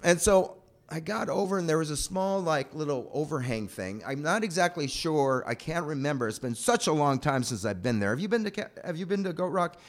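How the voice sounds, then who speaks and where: A man telling a personal story aloud in an animated, breathless way. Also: fairly high pitch, fairly quick. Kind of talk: personal anecdote told aloud.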